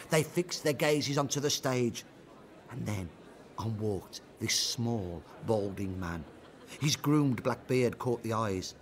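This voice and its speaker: A man narrating a scripted historical account, measured, with rhetorical questions. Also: medium pitch, a bit bright, a little hiss or hum.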